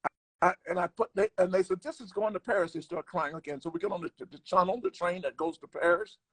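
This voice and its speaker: Older man telling an animated story. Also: high-pitched, quick pace, slightly rough, no echo. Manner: animated storyteller acting out quotes. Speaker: guest comedian. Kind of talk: storytelling in casual conversation.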